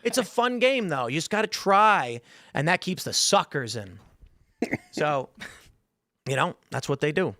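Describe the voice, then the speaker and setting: A man hosting a podcast, reading out viewer comments and chatting casually, animated and quick to laugh. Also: a little high, no echo, studio quality. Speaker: podcast host.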